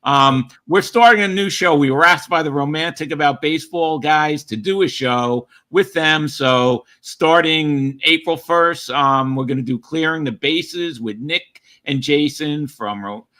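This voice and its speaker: A man's voice: a little high, unhurried, few pauses, bright, forceful tone. A man hosting a live show and wrapping up with announcements on a video call. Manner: upbeat, wraps up with announcements. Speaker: host.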